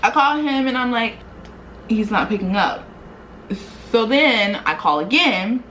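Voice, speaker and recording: A young woman vlogger retelling a story in a casual, animated, slangy way, acting out quoted dialogue. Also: fairly high pitch, unhurried, a little hiss or hum, low-quality recording.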